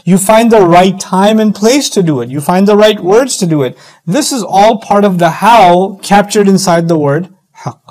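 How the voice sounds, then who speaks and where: A middle-aged man giving a sermon-style lecture, animated, acting out quoted voices as he teaches. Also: high-pitched, normal speed, rough recording. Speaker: Islamic speaker.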